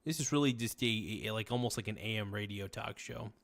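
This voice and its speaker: A man's voice: on the low side, a little fast, gravelly, fairly bright tone. A man hosting a casual livestream talk show, reading viewer messages aloud in a tired, rambling, laid-back way. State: tired, yawning. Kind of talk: casual late-night stream chat reading viewer messages.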